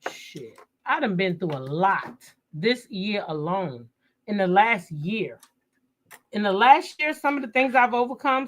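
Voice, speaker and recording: A woman telling viewers a personal story in a casual, animated and emotional way. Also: lowish voice. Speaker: vlogger.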